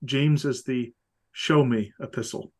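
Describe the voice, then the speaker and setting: A man in a Bible discussion, speaking slowly and calmly at a middle pitch. He affirms his co-host and adds his own brief points. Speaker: podcast co-host.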